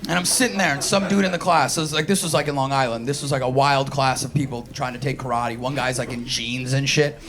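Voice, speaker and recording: Fast and steady-toned, with hardly any pauses, a medium-pitched man runs through a brash, profane comedy set on a live stage. He has a New York accent, hails from Queens, and acts out the voices he quotes, drawing laughter from the crowd.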